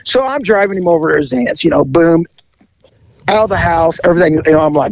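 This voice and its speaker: A man hosting a podcast tells a comic story about the police, laughing and doing voice impressions along the way. His slightly high, creaky voice runs fast, and the recording quality is poor.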